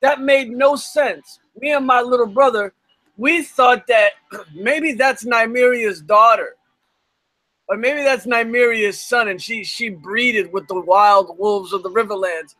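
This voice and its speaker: A man co-hosting a live stream, telling it in an excited, animated way while he is losing his voice. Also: very high voice, a little slow, dry recording, rough recording. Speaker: co-host. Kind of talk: casual live-stream chat.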